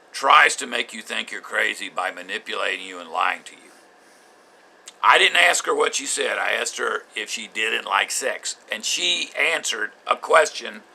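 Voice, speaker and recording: Older man, gravelly voice, tense delivery, bitter personal journal, halting speech. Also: medium pitch, bright, forceful tone. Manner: bitter, halting, with frequent restarts. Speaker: vlogger recounting his marriage.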